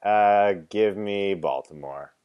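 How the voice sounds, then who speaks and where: A man's voice: lowish voice, slow, clear, resonant tone, dull audio. A man co-hosting a sports podcast, giving opinionated picks and ranting in a casual chat.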